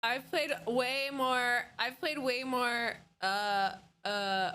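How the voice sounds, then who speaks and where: Woman, late twenties, streamer, casual reaction chat, higher voice, unhurried, giggly, swears, loud outbursts. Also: fairly even intonation, faint music behind.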